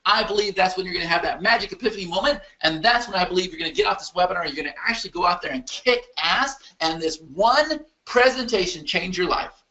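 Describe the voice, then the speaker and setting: A man presenting a webinar in an emphatic, repetitive motivational sales-pitch style. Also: sharp tone, dull audio.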